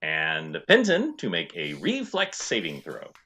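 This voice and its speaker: A man running a tabletop game as game master, narrating scenes in a relaxed way with many fillers. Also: low-pitched, a little slow, background noise. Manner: descriptive, relaxed with frequent fillers.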